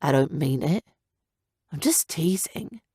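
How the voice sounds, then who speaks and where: A woman's voice: fairly low pitch, animated, moderate pace, gravelly, darkish tone, no room sound, studio quality. Woman doing a drowsy young male griffin. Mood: teasing. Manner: drowsy, offhand and teasing.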